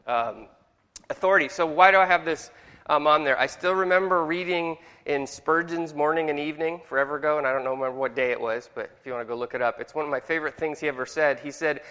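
A man's voice: on the high side, fast, pushed and bright. A middle-aged man teaching a Bible class in a jokey way and asking the room questions. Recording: long hall reverb.

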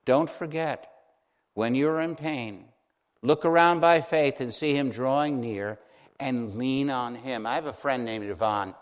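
Earnest male pastor in a reverberant hall. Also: medium pitch. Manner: earnest, pastoral, slows down to stress key phrases. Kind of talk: sermon.

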